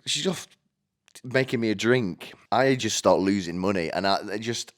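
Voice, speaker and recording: A British podcast host in his twenties tells a rambling story, fairly low in pitch and at a moderate pace. His monologue is self-mocking and full of coarse slang.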